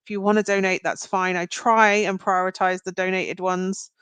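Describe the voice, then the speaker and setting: A British woman talks straight to her livestream viewers, giving readings in a rambling, conversational way. She giggles often. Her pitch is mid-range, and the sound is dry, with no room echo. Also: little pitch movement, moderate pace, fairly bright tone, clear, resonant tone. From Britain. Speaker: card reader hosting a livestream. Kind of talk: live reading to chat viewers.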